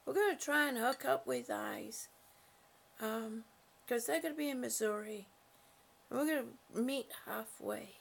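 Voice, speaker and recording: A woman hosting a casual livestream from home, chatting warmly with viewers and reading their comments aloud, with lots of fillers and terms of endearment. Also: a little high, very animated, measured pace, gravelly. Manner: chatty and affectionate, frequent fillers. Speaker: livestream host.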